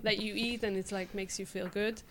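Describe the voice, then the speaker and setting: A woman's voice: medium pitch, fairly even intonation, normal speed, background noise. A young woman from Hungary, a community radio member, chatting casually and hesitantly with many fillers. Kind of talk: casual conversation.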